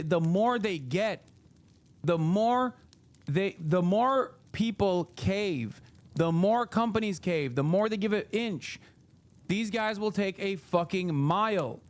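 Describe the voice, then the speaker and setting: A man with a high voice delivers an angry live-stream rant. He swears freely and keeps hammering the same lines for emphasis. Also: animated, unhurried. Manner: heated, profane, repeating phrases for emphasis. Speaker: streamer host.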